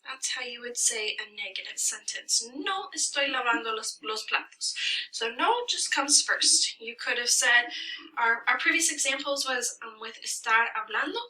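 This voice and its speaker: A woman's voice: on the high side, expressive, normal speed, bright, forceful tone, far from the mic, low-quality recording. A woman teacher giving a recorded lesson, explaining patiently and stressing the key words. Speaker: Spanish teacher.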